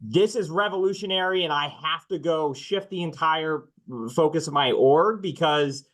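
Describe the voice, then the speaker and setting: A man who works as a chief financial officer, speaking on a webinar panel in a measured, candid way, with dry humor and some filler "um"s. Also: fairly high pitch, fairly bright tone, rough recording.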